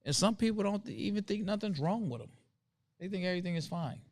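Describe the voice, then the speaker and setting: A man's voice: sits high, expressive, fast talker. Earnest man making his point in conversation. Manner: earnest, emphatic, repeats points. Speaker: host. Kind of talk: casual conversation.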